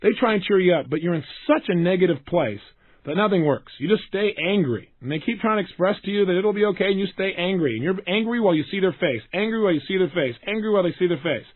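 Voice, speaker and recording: A man's voice: sits high, breathy edge, dry recording. A man giving a motivational self-help talk who keeps asking the listener rhetorical questions. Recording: dry, tinny phone-like sound.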